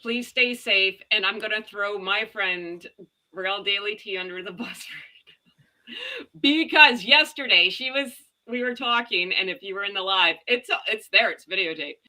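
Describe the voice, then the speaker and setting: A woman's voice: medium pitch, moderate pace, sharp tone, poor audio. An American woman hosting a casual livestream chat, telling stories and laughing often. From United States. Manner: chatty, laughs often, storytelling. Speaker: channel host.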